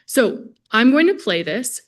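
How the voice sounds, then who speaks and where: A woman's voice: a little high, sing-song, a little slow. A woman gives a lecture at a symposium, friendly and conversational as she speaks straight to the people in the hall. She is a speech-language pathologist, and her voice comes through a presenter microphone. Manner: friendly, conversational, addresses audience directly. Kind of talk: conference lecture to a live audience.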